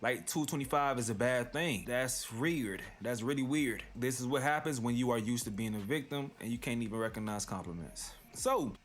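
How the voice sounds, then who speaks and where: A man's voice: mid-range voice, moderate pace, few pauses, slight background noise. A man hosting a commentary channel, reading posts aloud and reacting in loose, slangy casual talk. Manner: reads tweets aloud then reacts, slangy.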